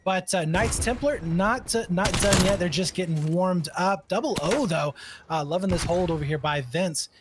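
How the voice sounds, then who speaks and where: A man's voice: high voice, moderate pace, background noise. A young man giving esports color commentary, rambling analysis with lots of filler words. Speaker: esports co-caster.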